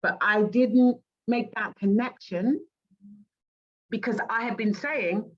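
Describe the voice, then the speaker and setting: A middle-aged woman from Great Britain talks as a guest in an interview, telling stories and playing out the voices she quotes. Her voice sits a little high, and the recording sounds dull and lo-fi. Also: slow pace. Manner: animated, acts out quoted voices. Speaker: guest life coach. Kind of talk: casual interview storytelling. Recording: dull lo-fi audio.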